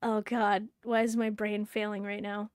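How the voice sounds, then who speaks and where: A woman's voice: mid-range voice, little pitch movement, normal speed, clean tone, dry recording. A woman streaming a game, joking and self-mocking as she reads along. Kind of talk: casual game stream commentary.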